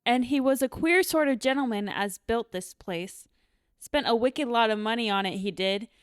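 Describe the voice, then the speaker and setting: A plain-spoken middle-aged boatman, read by a woman in a casual play read-through. The voice stays fairly high and close to an everyday speaking voice. He talks in a plain, unhurried way. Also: clean tone, lightly acted. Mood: gossiping.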